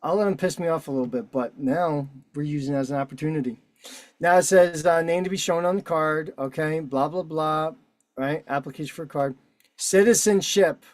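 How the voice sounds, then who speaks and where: Over a video call, a man hosts an online meeting and walks through a form casually, swearing and sounding combative as he fills it out. His voice is fairly high and fairly quick, with no room sound.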